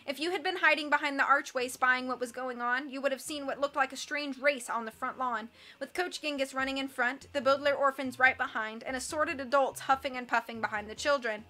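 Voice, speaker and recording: Bright, high-voiced woman reading aloud. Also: fairly quick, hardly any pauses. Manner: expressive, animated, acts out characters. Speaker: reader.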